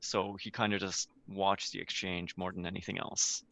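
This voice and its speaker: A man's voice: low-pitched, level tone, moderate pace, gravelly, pushed and bright. A man playing a tabletop game, describing his character in an easygoing, explanatory way. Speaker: player. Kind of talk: casual tabletop game chat.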